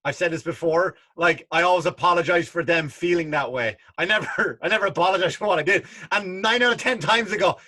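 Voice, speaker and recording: A man's voice: high voice, a little fast, hardly any pauses, sharp tone. A male comedian co-hosting a podcast from a basement home studio, ranting in casual, profane chat.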